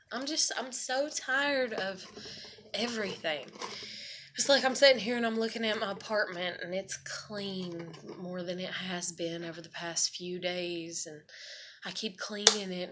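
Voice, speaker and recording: A woman's voice: fairly low pitch, background noise. A woman talking to camera at home in a casual, rambling confessional monologue, swearing freely and filling her speech with "you know" and "like.". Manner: rambling and profane, many fillers. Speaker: vlogger. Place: her own apartment.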